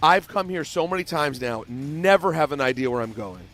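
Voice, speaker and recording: A man co-hosting a sports radio show, telling a rambling story in an excitable, casual way. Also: on the high side, moderate pace, soft background music. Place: radio studio.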